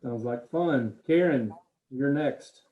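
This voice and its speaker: Southern man moderating a video call. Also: medium pitch. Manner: brisk, calling on each person in turn. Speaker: meeting moderator. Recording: tinny phone-like call audio.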